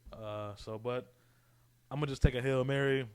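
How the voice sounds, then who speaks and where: Smooth-voiced man in slangy podcast chat. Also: medium pitch, moderate pace. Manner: relaxed slangy talk, keeps saying "you know what I'm saying". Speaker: podcast co-host. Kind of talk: casual wrestling predictions chat.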